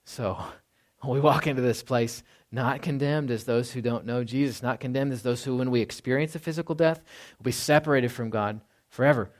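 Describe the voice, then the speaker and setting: A man giving a casual, conversational sermon as a pastor. He chuckles often and ends many points with "right?". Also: medium pitch. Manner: drops to a hushed voice when quoting.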